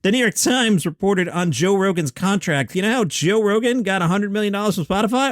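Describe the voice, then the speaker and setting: A man's voice: high voice, animated, a little fast, no echo. A middle-aged man hosting a comedy news podcast from a home basement studio, reading headlines and riffing on them with wry asides and mock outrage. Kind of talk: solo comedy news commentary.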